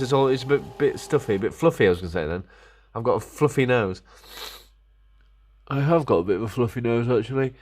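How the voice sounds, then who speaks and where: A man's voice: mid-range voice, brisk, slight background noise. A middle-aged man ranting casually to camera, grumbling and sarcastic, muttering to himself as he works. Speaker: vlogger.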